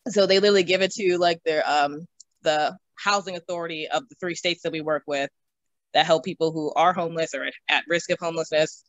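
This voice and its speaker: A young woman telling stories from her own life in an interview. She is animated, laughs often and swears casually. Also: low-pitched, a little fast, no echo. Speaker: interview guest. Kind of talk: casual storytelling. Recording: slightly dull, dry recording.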